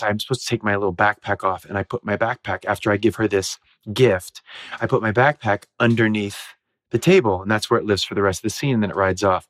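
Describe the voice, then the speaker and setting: A man, a musical theatre actor guest, telling stage stories in a casual, animated way, laughing and acting out the lines he quotes. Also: lowish voice, no room sound, clean studio sound. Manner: animated, giggly storyteller who acts out quotes.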